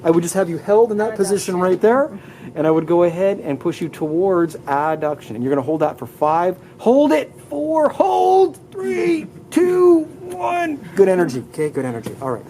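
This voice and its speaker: A man's voice: fairly high pitch, fast talker, dark tone, low-quality recording. A man teaching anatomy in a live classroom lecture, upbeat, leading students through muscle names and asking them to repeat terms aloud. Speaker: anatomy instructor.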